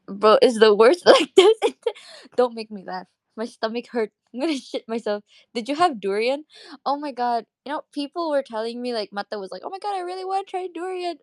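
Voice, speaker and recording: Young woman from indonesia, kinda high voice, rambly and swears a lot, super dry phone sound. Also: no echo. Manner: rambling, swears freely, laughs often. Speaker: host of a live audio chat room. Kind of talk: casual chat.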